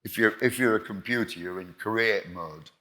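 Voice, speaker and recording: An older man from England, a guest musician telling animated anecdotes in a live interview, acting out quoted exchanges and swearing freely. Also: fairly low pitch, normal speed.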